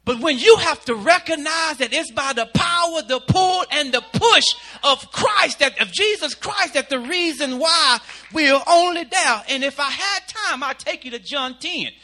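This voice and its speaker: A male pastor preaching a sermon, building into shouted, sing-song delivery. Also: extremely high pitch, expressive, normal speed, few pauses.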